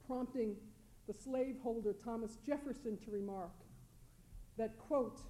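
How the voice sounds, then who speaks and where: A woman on a panel reading a prepared academic talk, measured and deliberate, leaning on key words for emphasis. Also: fairly high pitch, dark tone, low-quality recording. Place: lecture hall panel.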